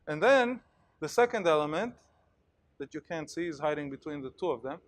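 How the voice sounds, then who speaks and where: A male university lecturer giving an animated lecture in a hall, telling stories and acting out examples with plenty of fillers. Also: on the high side, normal speed. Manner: animated storytelling, acts out cheers, many fillers.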